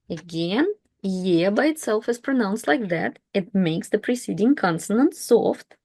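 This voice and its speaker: A woman's voice: medium pitch, expressive, unhurried, darkish tone, no echo, studio quality. A woman teaching reading, spelling out letters and repeating each word three times. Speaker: Russian language teacher. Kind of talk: slow pronunciation lesson.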